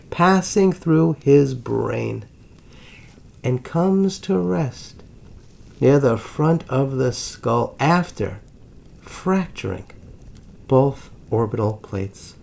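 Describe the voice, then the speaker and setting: Dramatic male history storyteller, lively pitch. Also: vocal fry. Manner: dramatic storyteller, slow drawn-out suspense pauses. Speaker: history channel host. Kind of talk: scripted dramatic history narration.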